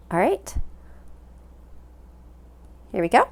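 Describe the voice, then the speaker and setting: A woman teaching a recorded phonics lesson, her pitch sitting in an ordinary middle range. She talks patiently and repeats each word slowly so learners can follow along. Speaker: language teacher.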